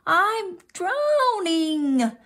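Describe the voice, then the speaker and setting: Female reader doing a squeaky, whiny little boy frog for a storybook, stubborn, swoops up and down. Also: sing-song, a little slow, fairly bright tone, exaggerated voice.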